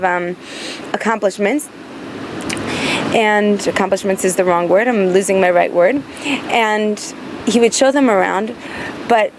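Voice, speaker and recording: A woman telling heartfelt personal stories, earnest and emphatic, slowing down to linger on key phrases. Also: mid-range voice, slight background noise. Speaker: storyteller recounting memories of her grandfather.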